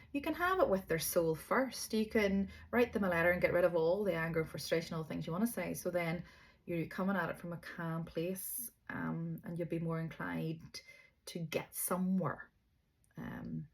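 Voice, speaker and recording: A woman's voice: on the low side, creaky, breathy edge. A middle-aged woman, a yoga teacher, giving a chatty, rambling, encouraging spiritual talk. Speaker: yoga teacher and energy reader. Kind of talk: casual spiritual monologue.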